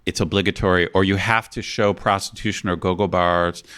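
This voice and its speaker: A man's voice: deep voice, steady tone, a little fast, fairly bright tone. A man co-hosting a casual podcast, talking in a thoughtful, hesitant way with many restarts. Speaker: podcast co-host.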